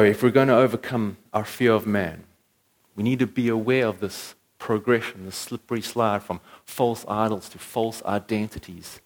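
A man's voice: mid-range voice, a little mellow. Casting: male preacher, earnest and emphatic, mid-range voice. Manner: earnest, building to emphatic peaks. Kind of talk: sermon.

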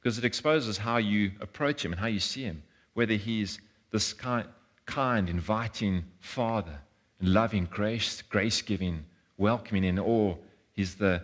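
Male pastor, low pitch, earnest sermon, repeats himself. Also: a little slow. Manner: earnest, repeats words, acts out quoted voices.

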